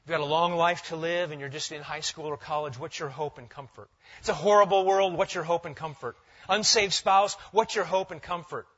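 A male pastor preaching a sermon emphatically, repeating key phrases and dropping to quiet intensity for weight. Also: fairly high pitch, steady tone, a little fast, dull audio, a crowd in the background.

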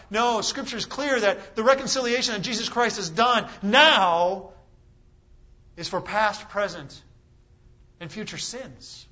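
A man preaching a sermon to a congregation, emphatic and full of rhetorical questions, with dramatic pauses. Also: sits high, sharp tone, muffled recording.

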